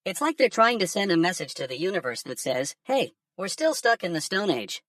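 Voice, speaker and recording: A woman's voice: fairly low pitch, big pitch swings, a little fast, fairly bright tone, no echo, clean studio sound, distant mic. Zebo, a woman voicing a foul-mouthed stoner alien. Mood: mocking. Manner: cursing, mocking, stoner-casual. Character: laid-back male alien pundit mocking humans. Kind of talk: synthetic news commentary.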